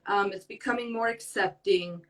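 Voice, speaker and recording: A woman's voice: mid-range voice, normal speed, a bit bright, distant mic, rough recording. A young woman speaking earnestly as a podcast guest in casual talk, rambling with many fillers. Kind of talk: casual conversation.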